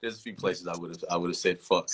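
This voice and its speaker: Bright-voiced man telling a rambling story. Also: low-pitched, fast, slightly rough. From California. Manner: rambling, restarts a lot, animated storytelling with quoted lines. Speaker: rapper talking on a livestream. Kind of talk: casual livestream chat.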